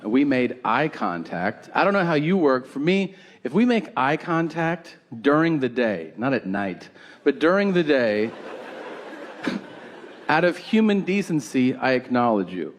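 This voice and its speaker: A man's voice: medium pitch, big pitch swings, measured pace. Incredulous male stand-up comic. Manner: incredulous storytelling, acting out both sides of a dialogue. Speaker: stand-up comedian. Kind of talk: stand-up comedy set. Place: live comedy venue with audience. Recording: live show with audience noise.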